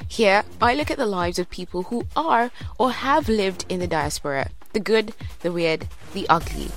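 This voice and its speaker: A woman's voice: mid-range voice, lively intonation, moderate pace, faint music behind. A woman from Kenya hosting a podcast, upbeat and inviting as she introduces the show. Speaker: podcast host.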